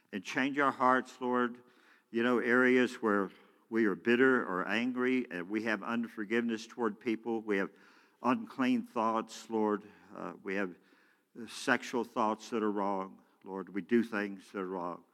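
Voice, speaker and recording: Pastor, male, bright ringing delivery in a reverberant sanctuary, shifts between loud exhortation and quiet prayer. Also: on the low side, fairly even intonation, unhurried. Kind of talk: sermon. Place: church sanctuary. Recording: church hall with long reverb.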